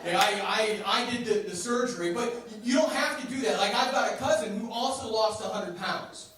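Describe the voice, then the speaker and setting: A man performing a stand-up routine on a club stage, with a stammering, deadpan delivery full of restarts, and audience laughter behind him. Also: sits high, normal speed, noisy background. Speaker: stand-up comedian. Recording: echoey room mic from far off with crowd laughter.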